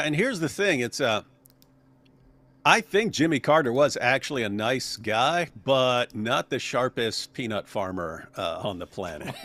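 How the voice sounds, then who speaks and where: A man's voice: mid-range voice, fairly bright tone, no room sound. A man co-hosting a casual political chat, joking, laughing often and acting out quotes. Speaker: co-host.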